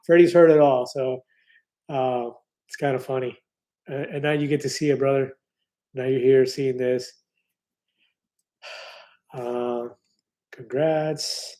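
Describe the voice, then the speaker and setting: A man's voice: medium pitch, steady tone, moderate pace, pauses often, mellow. A man in his fifties hosting a casual live stream, reading viewer comments aloud in an upbeat, chatty way with many fillers and restarts. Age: 50s.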